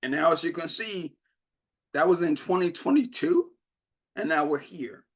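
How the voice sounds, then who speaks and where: A man's voice: on the high side, animated, moderate pace, slightly rough. A young man giving a motivational keynote, telling his story and acting out the dialogue. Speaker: keynote speaker.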